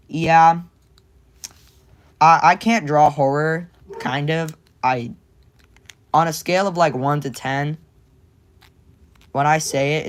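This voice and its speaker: A young man chatting casually with his viewers while drawing, rambling and joking around. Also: on the high side. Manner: rambling and goofy, jumps between silly voices and whispers. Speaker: streamer.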